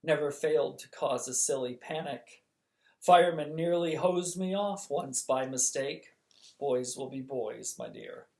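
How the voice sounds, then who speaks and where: Reader voicing an old king, mild and genial, slow and chatty, storybook. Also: medium pitch, darkish tone, close to an everyday voice. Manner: genial, reminiscing. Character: kindly absent-minded old king.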